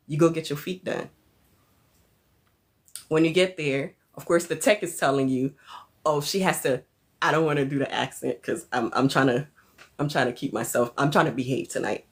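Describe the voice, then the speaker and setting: Woman doing a chill livestream chat, lowish voice, giggles a lot, shouts out viewers. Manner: chatty, laughs often, thanks viewers mid-sentence. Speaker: livestream host.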